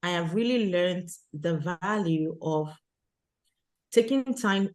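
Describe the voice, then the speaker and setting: Earnest low-voiced woman guest. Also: takes it slowly, a little mellow. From abroad, immigrant to Canada. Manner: earnest, leans on "you know" and "right?". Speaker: guest, retreat organizer for women. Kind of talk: conversational interview storytelling.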